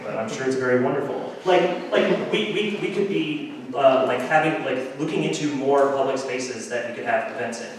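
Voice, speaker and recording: A man's voice: medium pitch, slight background noise. Man, casual donation appeal, rambling with fillers, distant mic, big echoey hall. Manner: rambling, many fillers and restarts. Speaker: assembly speaker asking for donations. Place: large hall at a community assembly.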